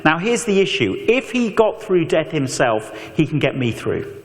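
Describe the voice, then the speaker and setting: A man preaching an animated evangelistic talk, telling stories with mock voices and asides. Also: fairly high pitch, moderate pace. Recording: long echo of a large hall.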